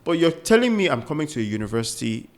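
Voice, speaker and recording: A man's voice: a little high, sing-song, fast talker. A young man co-hosting a podcast, speaking earnestly and emphatically and repeating his key points. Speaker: podcast co-host. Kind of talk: casual conversation.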